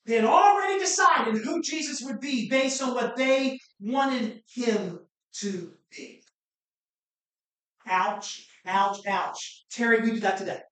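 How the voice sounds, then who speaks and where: Lady pastor preaching hard, kinda high voice, super echoey church, mic far away. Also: animated, takes it slowly. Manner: impassioned preaching, rising to shouts and falling to low asides. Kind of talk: sermon. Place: church sanctuary.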